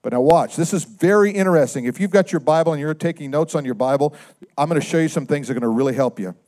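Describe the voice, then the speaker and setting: A man preaching a sermon in a conversational way, often asking the congregation questions and swinging from loud emphatic lines to quiet low asides. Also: fast. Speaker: pastor.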